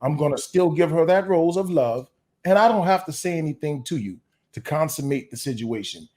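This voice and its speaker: A man hosting an interview, encouraging and reflective, often pausing with fillers. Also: fairly high pitch, expressive, a little mellow. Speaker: host. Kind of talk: conversational interview.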